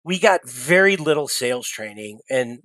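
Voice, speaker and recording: A middle-aged man, a sales executive, telling stories as an interview guest, animated, with frequent restarts. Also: medium pitch, normal speed, no echo. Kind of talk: casual storytelling interview.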